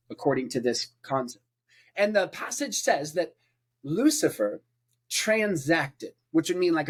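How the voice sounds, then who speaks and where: On a podcast, a male preacher speaks with conversational passion, leaning on emphatic repetition and rhetorical lists. His pitch is fairly high.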